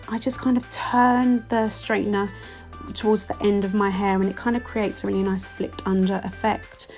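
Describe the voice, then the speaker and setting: A woman's voice: mid-range voice, darkish tone. Chatty London woman in her forties. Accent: London English. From England. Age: 40s. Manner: chatty, self-deprecating and gushing. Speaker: beauty vlogger. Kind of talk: makeup tutorial voice-over. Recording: faint music underneath.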